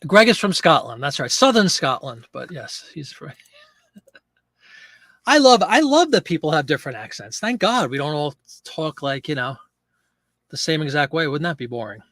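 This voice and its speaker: Host type, man, slightly high voice, dry close sound, loose joking live-stream banter with his chat. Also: big pitch swings, moderate pace, fairly bright tone, no room sound. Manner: chatty and joking, riffs on viewers' remarks. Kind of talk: casual live-stream chat, reading viewer comments aloud.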